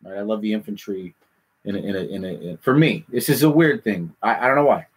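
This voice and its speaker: A man hosting a casual chat, rambling and animated, often repeating himself. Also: lowish voice, a little fast, slightly rough. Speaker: podcast host.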